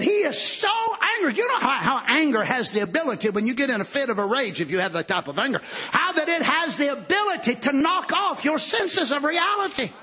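A man preaching a fervent sermon, shouting and then dropping low. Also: husky. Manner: fervent shouting, swinging from loud to soft.

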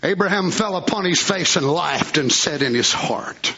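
A high-pitched, bright-voiced preacher delivers a fiery sermon, his voice leaping wildly in pitch. He swings from fervent shouts to hushed asides. The recording sounds muffled and lo-fi. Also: lively intonation, normal speed, few pauses, husky.

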